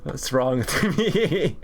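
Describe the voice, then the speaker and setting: A man in his twenties, a streamer chatting casually while he draws, rambling through jokey tangents and laughing often. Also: a little high. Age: 20s. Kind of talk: casual chat while drawing.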